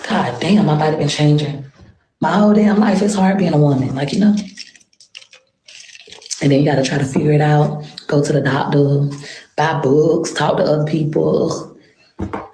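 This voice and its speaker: A woman's voice: sits low, moderate pace, pauses often, warm tone, a little hiss or hum. A woman rambling on a livestream, venting her frustration with sighs. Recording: echoey room.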